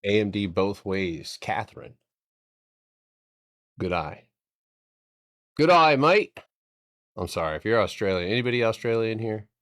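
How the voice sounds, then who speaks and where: A man with a deep, low voice talks through stock charts on a live stream, cursing casually and cracking jokes between setups. The sound is dry and close, as if from a desk mic with no room around it. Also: normal speed, long pauses, no room sound. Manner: profane, joking, thinking aloud.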